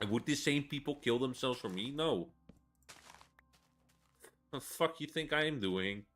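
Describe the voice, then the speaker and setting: A man's voice: mid-range voice, lively intonation, a little slow, a bit bright, soft background music. A man in his twenties giving casual, rambling gameplay commentary, swearing a lot and laughing between rants. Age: 20s. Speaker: gaming video creator.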